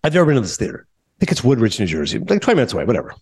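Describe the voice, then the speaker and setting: A man's voice: medium pitch, creaky, slightly rough. A man who is a film critic and podcast host, telling a casual story and acting out the dialogue, then interviewing a guest. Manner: animated, quick, acts out dialogue.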